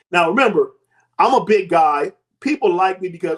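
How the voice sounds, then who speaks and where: Brisk and very animated, a man in his fifties narrates his own experience. He hosts and coaches on health, and his pitch and loudness swing emphatically and broadly.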